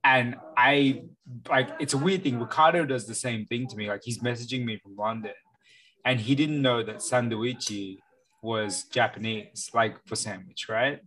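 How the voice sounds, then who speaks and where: A man's voice: medium pitch, normal speed, fairly bright tone, rough recording. A man, co-hosting a podcast in loose casual chat, rambling with lots of "like" fillers and the odd swear. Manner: rambling, heavy use of "like" fillers, occasional swearing. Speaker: podcast co-host.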